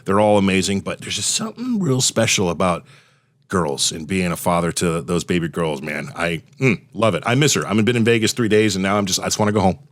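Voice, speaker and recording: A man's voice: deep voice, animated, fairly quick, no echo. A man hosting a podcast interview, friendly and casual, often calling his guest "man". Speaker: podcast host.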